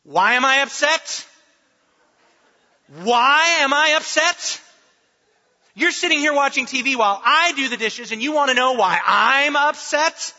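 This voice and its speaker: A preacher acts out an exasperated spouse, loud and indignant, pushing the voice up high and bright. The complaint is hollered across a reverberant hall, and the recording sounds somewhat dull. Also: male voice, animated, a little slow, pauses often, heavily acted. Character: exasperated spouse yelling about chores.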